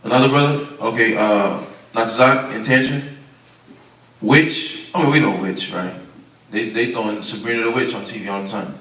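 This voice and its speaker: Relaxed male study leader, questions the class, roomy and off mic. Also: on the low side, normal speed. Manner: casual, questioning the group, informal speech. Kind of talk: Sabbath Bible study teaching. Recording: echoey room, far from mic.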